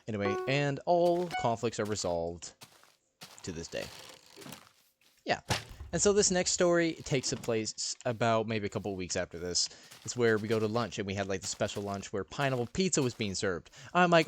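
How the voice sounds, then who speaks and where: A man's voice: medium pitch, animated, fairly quick. A man casually telling stories over gameplay commentary, rambling and playful, in a recording with background hiss. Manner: rambling, lots of fillers and restarts, playful. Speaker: channel host.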